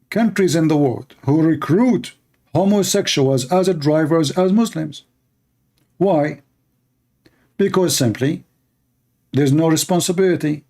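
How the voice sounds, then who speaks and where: Hosting a polemical talk, this man mocks and jeers sarcastically in a slightly high, mellow voice. His English is broken, and he frequently starts his sentences over.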